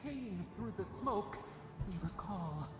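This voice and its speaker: A woman's voice: medium pitch, animated, slow. A woman voicing a haunting collective spirit that speaks as "we", in game dialogue with music behind. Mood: ominous. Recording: roomy game audio with music.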